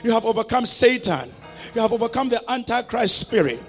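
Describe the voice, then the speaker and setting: Fervent high-voiced male pastor preaching. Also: big pitch swings, brisk, a bit bright, faint music behind. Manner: fervent, calls for congregation to repeat after him. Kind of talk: sermon.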